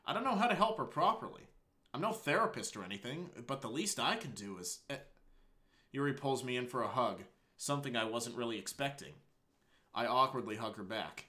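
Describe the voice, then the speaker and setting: Brief: streamer, man, bright tense voice, reads a visual novel aloud earnestly. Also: mid-range voice, lively intonation, a little fast. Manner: earnest, with startled asides.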